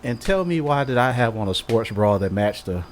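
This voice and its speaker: A man co-hosting a casual podcast, telling a story in lively fashion and acting out every quote with "I'm like". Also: medium pitch, moderate pace. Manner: animated storyteller, acts out quotes with many "I'm like". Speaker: podcast co-host. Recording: faint background noise, live stream audio.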